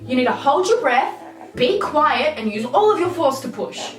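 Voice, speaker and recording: A woman's voice: high-pitched, big pitch swings, normal speed, recorded from a distance, pitched above the performer's own voice. Woman quoting a curt bossy midwife. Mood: commanding. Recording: roomy echo, off-mic, music behind.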